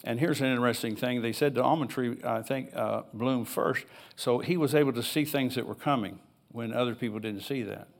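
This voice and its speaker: In a brisk, medium-pitched delivery with hardly any pauses, an older pastor preaches in church. He reads scripture aloud and rambles conversationally into personal asides, relaxed throughout.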